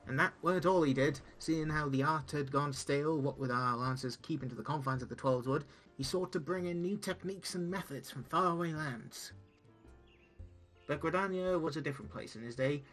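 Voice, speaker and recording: A man voicing a gruff old male tavern keeper and former lancer, reading game dialogue aloud with pirate-esque speech. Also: a little high, fairly bright tone, lightly acted, low-quality recording. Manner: pirate-esque speech with dropped g's and "aye".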